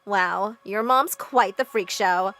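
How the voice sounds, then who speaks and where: A woman voicing a mean teenage girl in an animated story who mocks in a lowered voice. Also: takes it slowly, slight background noise. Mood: mocking.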